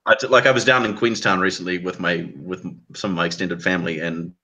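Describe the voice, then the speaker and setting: A man with a New Zealand accent telling stories in a casual chat, animated and casually swearing. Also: sits low, fast talker, a loud crowd. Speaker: chat guest.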